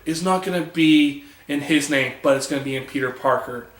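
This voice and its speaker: A man's voice: a little high, fairly bright tone. A man giving a casual, enthusiastic comic book review who acts out the lines he quotes. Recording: echoey room.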